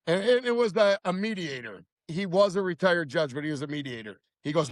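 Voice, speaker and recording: A man's voice: a little high, animated, brisk, few pauses, no room sound. Blunt, profane man in his fifties. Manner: blunt, profane, heated storytelling. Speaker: podcast guest. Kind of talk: casual storytelling chat.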